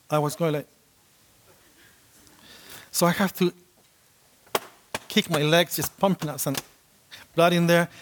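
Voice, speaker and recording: A man delivers a sermon, telling a personal story in an animated way and acting out the voices of the people in it. His voice sits a little on the high side for a man. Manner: animated storytelling, acts out quotes. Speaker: preacher.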